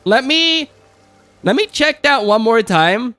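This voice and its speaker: A man's voice: very high-pitched, lively intonation, takes it slowly, pushed and bright, smooth, no echo, soft background music. A young man ranting in exasperated let's play commentary while hosting his gaming channel, repeating phrases and calling everyone dude.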